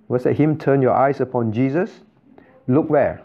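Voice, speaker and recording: Heard through phone-quality sound, a man preaching a sermon speaks at a medium pitch and moderate pace. He frequently asks his congregation rhetorical questions and drives points home by repeating phrases.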